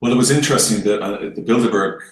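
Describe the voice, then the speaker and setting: A man's voice: fairly low pitch, racing. An Irish man in a casual roundtable chat, talking in a wry, rambling and hesitant way. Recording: echoey room.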